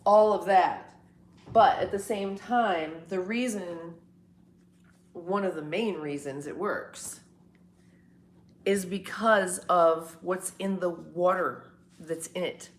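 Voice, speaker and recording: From indoors at home, a woman hosts a casual morning livestream, rambling and responding to viewers' comments. Her voice is lowish and her pace slow.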